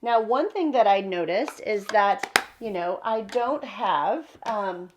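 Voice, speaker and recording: A woman's voice: fairly high pitch, lively intonation, takes it slowly, background noise. A woman hosting a card-making tutorial, chatting casually and thinking aloud with fillers as she works. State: hiccups. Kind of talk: casual crafting demonstration.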